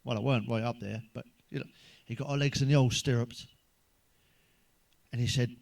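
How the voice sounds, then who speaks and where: A man's voice: mid-range voice, fairly even intonation, normal speed, gravelly, pauses often, darkish tone. A man delivering a crude stand-up monologue, swearing freely and talking straight to the listener. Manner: swearing, chatty, addresses listener directly. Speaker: stand-up comedian.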